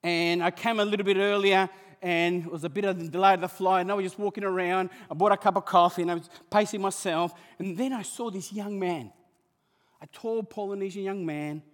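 A male pastor preaching a sermon, swinging between hushed asides and loud emphatic calls. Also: high voice, fairly even intonation, fairly quick, long reverb tail.

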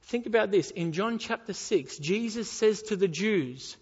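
A man with a notably high voice preaches a sermon, reading verses aloud and pressing the listeners with rhetorical questions. His voice carries a long reverb, as if in a large hall. The sound is a little dull and muffled. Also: lively intonation, a little slow, slightly rough.

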